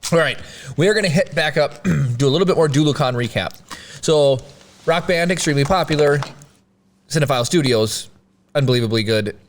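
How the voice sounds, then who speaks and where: A man's voice: on the high side, fairly quick, a little hiss or hum. A man co-hosting a podcast, joking around in casual chat and laughing often. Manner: animated, jokey, laughs often. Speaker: podcast co-host.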